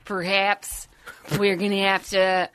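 A woman's voice: medium pitch, monotone, slow pace, a bit bright, slight background noise, low-quality recording. A woman putting on a folksy Canadian man with a Canadian accent, joking around.

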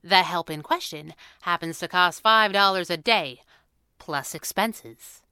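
A woman's voice: lowish voice, a little slow, bright, forceful tone, smooth, no echo. A woman reading a storybook, voicing a teasing, mercenary young woman detective with a dry manner.

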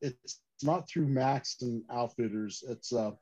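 A man telling stories about fishing rods in a casual interview, animated and full of restarts and "you know". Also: medium pitch, slow. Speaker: fishing gear company guest. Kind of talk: casual podcast interview storytelling. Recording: slightly dull lo-fi audio.

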